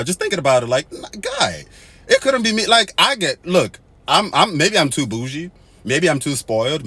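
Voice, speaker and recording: A man from Nigeria talks straight to camera in a casual monologue. His voice sits at an ordinary pitch but swings widely, jumping to loud, high exclamations and then dropping to quiet, low asides. He drops Pidgin and Igbo phrases into his talk. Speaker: host.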